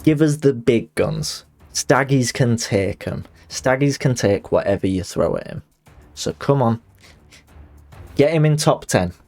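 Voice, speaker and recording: A man's voice: medium pitch, animated, unhurried, vocal fry, a little mellow, faint music behind. A young man chatting casually while streaming a fighting game, joking and putting on voices. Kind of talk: live game commentary.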